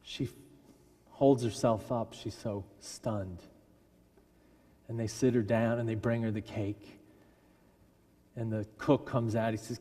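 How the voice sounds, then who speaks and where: A man preaching a sermon as a minister, telling a story with lively delivery and briefly acting out the people in it. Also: lowish voice, takes it slowly, long pauses, breathy edge. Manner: animated storyteller who acts out quoted voices. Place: large church sanctuary. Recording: long church reverb. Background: congregation laughing.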